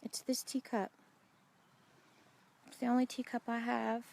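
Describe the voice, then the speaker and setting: A woman in her forties speaks with a gravelly, slightly high voice, earnest and heartfelt as she talks right to the viewer. She is telling a faith story outdoors in a wooded spot. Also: flat delivery, measured pace, darkish tone. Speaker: Christian speaker sharing a testimony. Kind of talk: devotional vlog storytelling.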